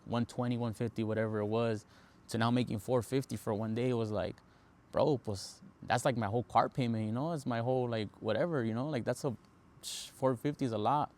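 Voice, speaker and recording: A man's voice: mid-range voice, fairly even intonation, a little fast, darkish tone. Young male podcast host, casual storyteller, easygoing and chatty, mid-range voice. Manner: laid-back, lots of fillers, mixes in Spanish slang.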